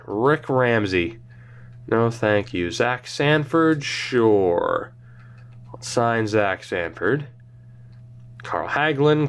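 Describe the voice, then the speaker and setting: A young man talks over his hockey video game in a loose, rambling way, poking fun at himself as he goes. His pitch swings widely, rising and dipping as he reads off names. He sits at a middling pitch for a man. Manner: rambling, self-mocking, thinks aloud while reading names. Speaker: gaming channel host. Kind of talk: casual gameplay commentary.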